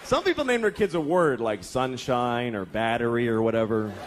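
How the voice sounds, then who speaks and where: Guy in his 30s doing stand-up, lively up-and-down delivery, crowd roaring and noisy club. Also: medium pitch, normal speed. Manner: crude, exasperated, acts out voices. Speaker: stand-up comedian. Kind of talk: stand-up comedy routine. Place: comedy club stage with audience. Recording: live club recording, loud crowd laughter.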